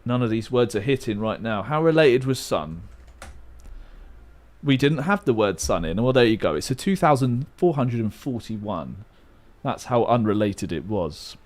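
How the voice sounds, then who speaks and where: A man's voice: mid-range voice, very animated, normal speed. A young man streaming a word game live, calling out chat guesses in a hyped play-by-play way like a sports commentator. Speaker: livestreamer.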